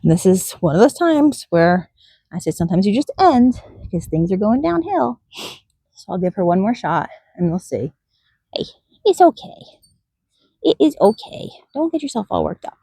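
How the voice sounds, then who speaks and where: Donkey trainer, female, working outdoors. Gravelly and up close with no room sound. Soothing and coaxing, often whispering. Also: mid-range voice, big pitch swings, moderate pace, mellow, dry recording. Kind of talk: coaching an animal with asides to camera.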